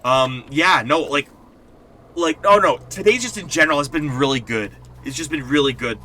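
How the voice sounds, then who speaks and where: Excitable, high-voiced gaming streamer man. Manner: excitable, rambling, quick to laugh. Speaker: game streamer. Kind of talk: live gameplay stream chat.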